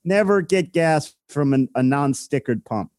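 A man's voice: a little high, lively intonation, unhurried, darkish tone, no room sound. Man co-host, digressive explainer in casual chat, dry and close.

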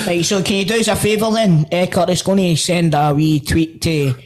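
A man's voice: sits high, fairly even intonation, normal speed. A Scottish man co-hosting a football podcast, teasing and swearing in casual banter. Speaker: podcast co-host.

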